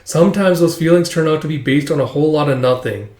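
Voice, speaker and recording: Male reader doing a calm, wise teacher, roomy sound. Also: a little high, fast talker, natural voice. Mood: advising. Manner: steady, advice-giving. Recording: echoey room.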